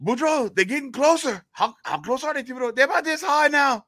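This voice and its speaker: A man putting on the voice of an excited, panicky man on horseback, with a high, yelping tone. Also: a little fast, no room sound, clean studio sound, heavily acted.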